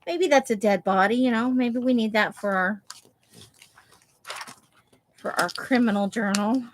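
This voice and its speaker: A craft livestream host speaks a little high and a little slowly over background noise. She's at home in her Las Vegas craft room, casually talking through her thoughts as she clips images from magazines.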